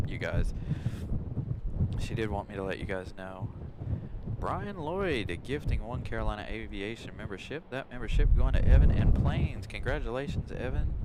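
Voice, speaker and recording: A man hosting a casual live stream from an airport, chatting and laughing with viewers, recorded on a phone outdoors. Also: on the low side. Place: outdoors by an airport on a windy day. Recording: loud outdoor wind noise. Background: loud wind and vehicle noise.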